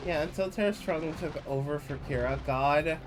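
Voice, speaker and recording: A man's voice: on the high side, brisk, background noise. A man streaming a video game, chatting casually with a friend, joking and cursing. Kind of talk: casual gameplay chat. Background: game music.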